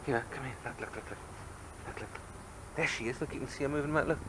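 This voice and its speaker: At the family home, a dad with a medium-pitched voice speaks slightly fast while recording his toddler on a camcorder. His manner is animated, coaxing and teasing, and the camcorder mic picks up background noise.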